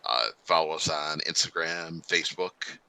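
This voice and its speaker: A man's voice: a bass voice, normal speed, bright, forceful tone, smooth, no echo. A man with a New York accent, reading thank-yous in a loose, stumbling way. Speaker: co-host.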